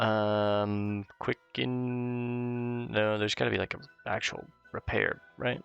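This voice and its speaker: A man's voice: fairly low pitch, little pitch movement, takes it slowly, gravelly, a bit bright, clear, resonant tone, soft background music. A man giving let's play commentary in an offhand, swearing, frustrated way. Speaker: gamer.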